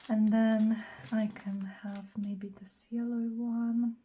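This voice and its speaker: A woman hosting a casual crafting tutorial, thinking aloud in a scratchy, slightly hoarse voice and often clearing her throat. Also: fairly high pitch, flat delivery, slow pace, warm tone. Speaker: craft channel host.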